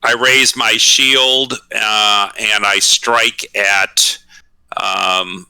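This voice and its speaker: A man's voice: on the low side, sharp tone, clear, resonant tone, dry recording, rough recording. A man playing a tabletop role-playing game, describing his character's moves and thinking aloud as he goes. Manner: thinks aloud with many fillers and restarts. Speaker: player.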